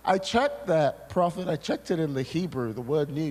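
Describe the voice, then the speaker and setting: A man from Scotland preaching a sermon, an animated storyteller who hammers points through repetition and tosses jokey asides to the crowd. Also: fairly high pitch, brisk, hardly any pauses. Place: large hall at a church seminar. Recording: echoey hall, faint noise.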